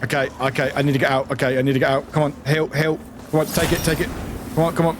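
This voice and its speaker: A British streamer who talks through a game live, exclaiming and repeating lines. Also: male voice, a little high, quick pace. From United Kingdom. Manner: excitable, exclaiming and repeating itself. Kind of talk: live gameplay commentary. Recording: noisy stream audio.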